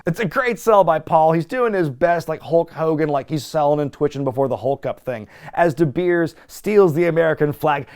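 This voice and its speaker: A man's voice: fairly high pitch, normal speed, few pauses, darkish tone, clean tone. A man hosting a casual wrestling review, sarcastic and profane, laughing often.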